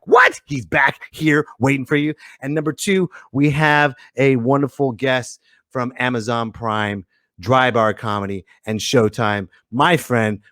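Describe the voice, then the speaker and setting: A man hosting a comedy podcast, giving an animated, joking monologue full of rambling asides. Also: medium pitch, no room sound, clean studio sound. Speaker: podcast host.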